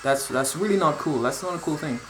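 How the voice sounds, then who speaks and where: A young man from Dominica talks casually to camera in an animated way. He repeats words and acts out conversations as he goes. The room is echoey and faint music plays behind him. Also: a little high, a little fast. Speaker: vlogger. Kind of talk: casual storytelling vlog.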